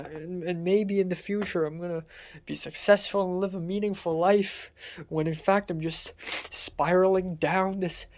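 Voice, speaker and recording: A young adult vlogger, pouring out an exasperated, sarcastic rant full of swearing. The voice sits at an ordinary middle pitch and sounds distressed and worn down. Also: darkish tone. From Hong Kong. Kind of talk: casual confessional vlog rant.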